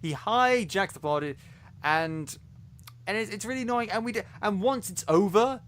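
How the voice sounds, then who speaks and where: A man's voice: high voice, normal speed, a bit bright, a little hiss or hum. A man co-hosting a podcast, reviewing a series in casual chat, talking animatedly with many restarts and stumbles. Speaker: podcast co-host.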